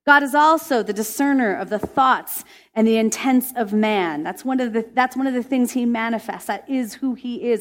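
Earnest woman telling a faith story. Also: a little high. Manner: earnest, emotive, laughs when excited. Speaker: Christian speaker.

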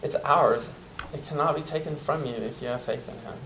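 A man preaching a sermon, earnest and emphatic, dropping to soft tones at tender moments. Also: medium pitch, brisk, creaky, a little hiss or hum, low-quality recording.

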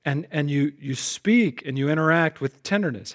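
A man preaching a sermon as pastor. He is emphatic, often repeats words as he starts a phrase, and swings between loud punches and soft, lowered asides. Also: normal speed, few pauses.

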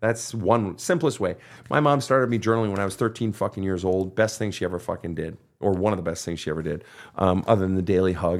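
Speaking low and briskly, a counseling-podcast host delivers forceful, no-nonsense guidance packed with curse words, a foul-mouthed brand of motivation.

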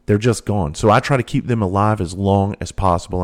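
A man's voice: low-pitched, steady tone, a little fast. A man speaking in a candid monologue, earnest and blunt, with casual cursing and repeated phrases. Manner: earnest, heartfelt storytelling. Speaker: trainer for first responders.

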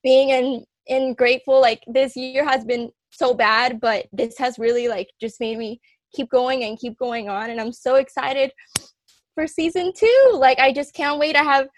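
An earnest woman co-hosting a podcast, her voice sitting a little high and sounding dry and close. She talks casually and warmly to listeners, getting a bit emotional and laughing along the way. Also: steady tone, moderate pace, no room sound. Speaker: podcast co-host.

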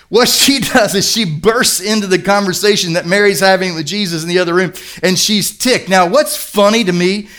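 A male pastor preaches a sermon in a fairly high voice and retells a story with lively humor. He keeps his delivery animated and conversational, pausing to find things funny.

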